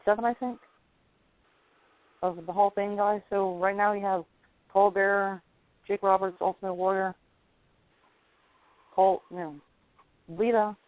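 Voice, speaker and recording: A man co-hosting a casual wrestling radio show, eager and quick to rattle off names. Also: high-pitched, steady tone, no room sound. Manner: quick, eager, listing names off the top of his head. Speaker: podcast co-host. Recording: tinny phone-line audio, dry.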